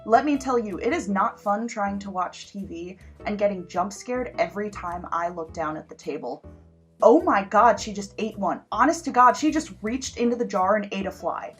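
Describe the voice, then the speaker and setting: A woman's voice: mid-range voice, animated, moderate pace, soft background music, lightly acted. A woman playing a young college student reading her earnest letters home in a comic monologue. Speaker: improv performer.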